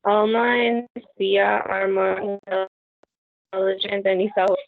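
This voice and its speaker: Female student, mid pitch, slow reading; tinny phone-line sound. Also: steady tone, creaky. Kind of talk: reading examples aloud in class. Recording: phone-like audio.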